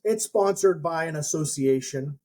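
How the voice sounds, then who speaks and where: Brief: mortgage pro on a podcast, high but mellow voice, rambling anecdotes with restarts. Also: male voice, normal speed. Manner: rambling storyteller with many restarts. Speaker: mortgage professional and educator. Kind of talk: casual podcast chat.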